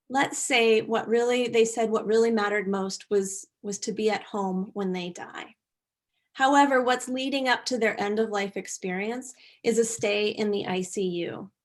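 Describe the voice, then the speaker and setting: A middle-aged woman leads an online workshop in a gentle, earnest voice. She rephrases as she goes and keeps a calm, caring tone. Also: fairly high pitch. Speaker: workshop presenter.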